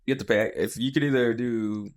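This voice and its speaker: A young man hosting a podcast, telling a story in casual chat, animated and swearing, acting out what people said. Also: medium pitch, brisk. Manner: animated, swearing, acts out quotes. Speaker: podcast host.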